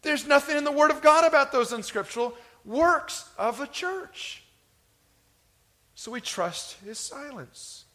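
High, bright-voiced male preacher. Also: animated, a little slow. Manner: emphatic preaching with rising and falling delivery. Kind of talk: sermon. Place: church.

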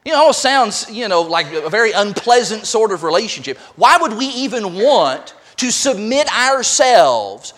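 A man's voice: high voice, very animated, normal speed, hardly any pauses, fairly bright tone. A man preaching a sermon as pastor, emphatic and full of rhetorical questions.

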